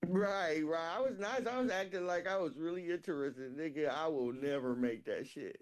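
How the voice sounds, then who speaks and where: A woman co-hosting a casual chat, telling animated, profane stories and laughing through them. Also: sits low, normal speed.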